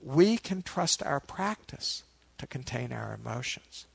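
A man giving a meditation dharma talk, a relaxed storyteller who adds asides to his listeners. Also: medium pitch, measured pace, creaky, slightly rough, no echo. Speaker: meditation teacher.

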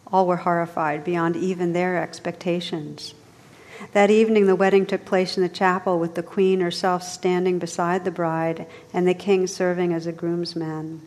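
A woman meditation teacher reading a story aloud in a soft, measured way. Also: on the low side. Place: meditation hall. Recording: long hall reverb.

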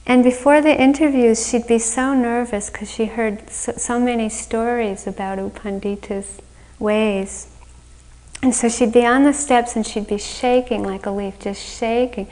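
A woman meditation teacher giving a dharma talk on retreat, slow, gentle and reflective, often laughing at her own stories. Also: fairly high pitch, steady tone, low-quality recording. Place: retreat center meditation hall.

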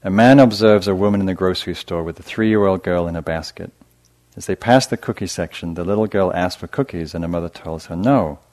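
A middle-aged man giving a gentle dharma talk as a meditation teacher, soft-spoken and hesitant, with fillers and restarts. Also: low voice. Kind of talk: dharma talk to a live audience.

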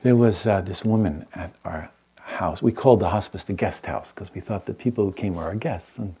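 A man who teaches meditation, telling a story to an audience in a gentle, unhurried way and often checking in with his listeners. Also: low voice, breathy edge. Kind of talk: storytelling talk to a live audience.

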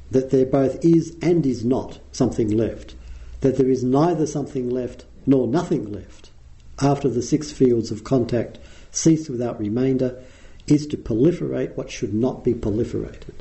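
Very dark-voiced Australian man teaching. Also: medium pitch, low-quality recording. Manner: explanatory, unhurried, with frequent ums. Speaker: meditation teacher. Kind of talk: dharma talk to a group.

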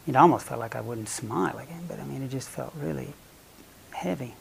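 A man giving a Buddhist dharma talk, telling a story in a playful, animated way and sometimes dropping almost to a whisper. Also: mid-range voice, fairly quick, creaky, a little hiss or hum, low-quality recording. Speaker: Buddhist meditation teacher.

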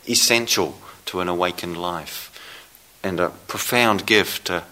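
A man giving a dharma talk as a meditation teacher, speaking slowly and reflectively with long pauses. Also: sits low, sharp tone. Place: meditation hall.

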